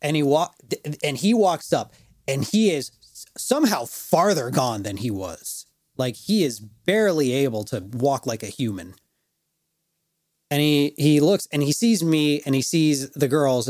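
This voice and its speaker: A man co-hosting a podcast tells a story in casual conversation, swearing, laughing and doing the voices of other people. His medium-pitched, darkish voice is lively and normally paced, recorded in clean studio quality with no room sound.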